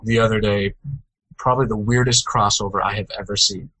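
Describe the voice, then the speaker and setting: Bright-voiced jokey young man. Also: steady tone, fairly quick, no room sound, low-quality recording. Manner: jokey, jumps into playful high-pitched outbursts. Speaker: co-host. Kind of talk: casual gaming news chat.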